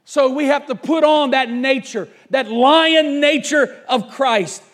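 A man preaching a fervent sermon, swinging from shouted lines to low asides. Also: takes it slowly. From Covington, Kentucky, USA. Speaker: pastor.

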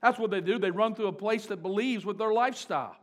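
A man preaching a sermon, swinging from fervent, shouted declarations to quiet asides. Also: sits high, fast talker.

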